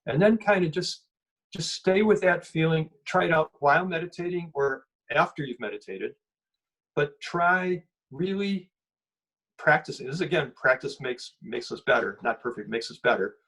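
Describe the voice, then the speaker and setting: A husky-voiced man teaches a mindfulness group how to sit with anxiety. He speaks gently and haltingly, restarting phrases as he searches for words. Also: on the high side, lively intonation, low-quality recording. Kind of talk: guided meditation teaching.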